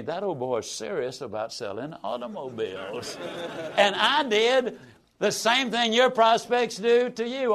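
A man, a sales trainer telling a folksy, animated story with dramatic pauses. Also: sits high.

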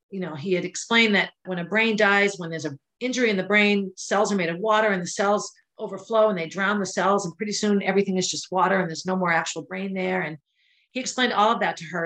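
A middle-aged woman hosting a podcast, telling a personal story with emotion, at times near tears, with pauses and restarts. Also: medium pitch, fairly bright tone, poor audio. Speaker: podcast host. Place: indoors, filming herself.

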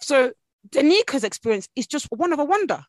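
A woman's voice: sits high, big pitch swings, brisk, darkish tone, dry recording. A woman hosting a casual podcast chat, talking in loose, rambling sentences full of fillers and restarts. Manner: chatty, storytelling, hedging with fillers. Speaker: podcast host.

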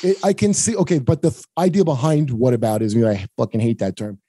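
A man's voice: mid-range voice, fairly even intonation, fairly quick, mellow, husky, no room sound. A man from the United States chatting casually on a podcast, swearing often, rambling with restarts and jokes. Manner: profane, rambling, joking, frequent restarts.

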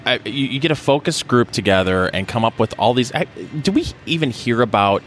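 A man's voice: mid-range voice, expressive, a little fast, fairly bright tone, slight background noise. A man co-hosting a talk show, asking dry, teasing questions. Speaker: co-host. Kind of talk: casual banter.

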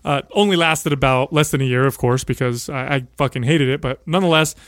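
A man in casual chat, starting a story of his own with relaxed asides. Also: mid-range voice, brisk, no echo, studio quality.

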